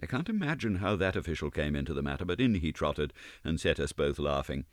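A man reading a novel aloud in first person, earnest and measured in his delivery. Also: rumbling low, big pitch swings, dry recording, clean studio sound. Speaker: audiobook narrator.

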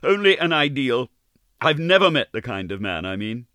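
A man's voice: medium pitch, big pitch swings, normal speed, bright, forceful tone, no echo, studio quality, voice pushed up. A male audiobook reader voicing a proud, poised young woman who speaks in a cool, reproving, lightly playful way. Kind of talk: audiobook character reading.

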